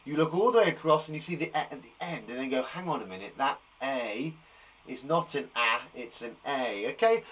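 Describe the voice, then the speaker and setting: A man's voice: fairly high pitch, a bit bright, low-quality recording. A man teaching a live online lesson to young children, enthusiastic and encouraging as he praises their work. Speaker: primary school teacher. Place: garden shed.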